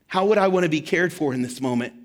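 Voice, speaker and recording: High-voiced man preaching a sermon. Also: fast talker. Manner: storytelling, drops to a hushed tone for emphasis. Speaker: pastor.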